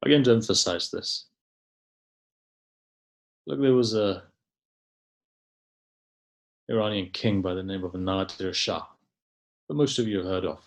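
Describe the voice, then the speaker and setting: A man's voice: low-pitched, a little slow, pauses often. A male religious scholar delivering a sermon in a conversational storytelling manner, with frequent asides to the listeners. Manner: conversational, tells stories with frequent "you know" asides.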